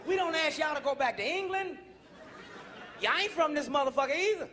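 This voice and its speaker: A male stand-up comedian on stage, profane and animated, shouting his punchlines. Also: very high-pitched, unhurried, long pauses, background noise. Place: comedy stage before a live audience. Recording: live show with loud crowd laughter.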